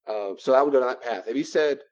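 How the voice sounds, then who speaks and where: A man giving a conversational teaching talk, acting out both sides of the dialogues with lively shifts in his voice. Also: mid-range voice, fast talker. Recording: dull lo-fi recording.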